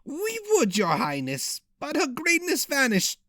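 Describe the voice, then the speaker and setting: A man voicing a croaking, queasy handmaiden. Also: very high-pitched, huge pitch swings, sharp tone, dry recording, clean studio sound, voice pushed up, full character voice. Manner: queasy, halting speech. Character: croaking, prematurely aged palace handmaiden.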